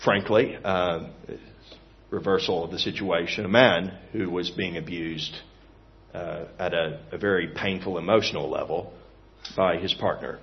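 A man preaching a sermon in an earnest, expressive way, moving from emphatic to hushed. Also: low voice, a little slow, slightly rough, muffled recording.

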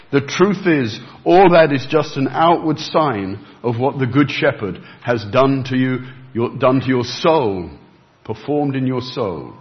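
A man's voice: medium pitch, measured pace. Earnest male preacher, muffled sound. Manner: earnest expository preaching, rising for emphasis. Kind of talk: sermon.

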